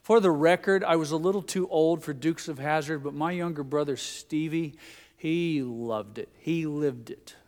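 A middle-aged man preaching a sermon as pastor, telling stories and quoting others in a softer voice. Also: a little high, moderate pace. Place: church sanctuary. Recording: long hall reverb from the church.

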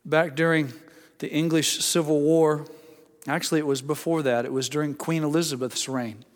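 A male pastor preaching a sermon, emphatic, rising to loud exclamations and dropping low. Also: fairly even intonation, moderate pace. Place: church sanctuary. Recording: church hall with long reverb.

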